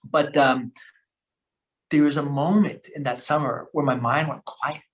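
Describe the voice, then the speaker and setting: A man telling long stories as a podcast guest, rambling and animated, with lots of fillers, restarts and slang. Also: fairly high pitch, measured pace. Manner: slangy, calls the host bro. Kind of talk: casual storytelling conversation.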